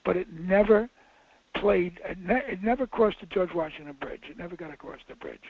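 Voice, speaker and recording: A man's voice: high voice, fairly quick, vocal fry, a little hiss or hum. An older man, a film director and guest, telling rambling anecdotes with restarts and emphatic bursts. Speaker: filmmaker guest. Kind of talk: casual anecdote. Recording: lo-fi audio.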